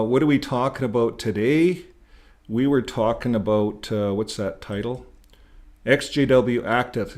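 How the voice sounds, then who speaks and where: An older man from Canada chatting casually to his viewers as host of his own channel. He rambles, repeats words and chuckles as he goes, in an ordinary mid-range voice. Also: mid-range voice. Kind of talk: casual talk to camera.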